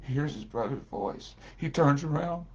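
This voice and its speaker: A man's voice: fairly high pitch, animated, normal speed, gravelly, breathy edge, lo-fi sound. A man preaching a sermon with folksy storytelling and plenty of fillers.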